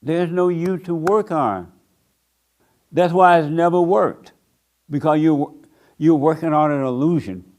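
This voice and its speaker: An older man preaching a blunt sermon to a small group, mocking people by acting them out in a higher voice. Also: a little slow, long pauses, a little mellow. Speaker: pastor.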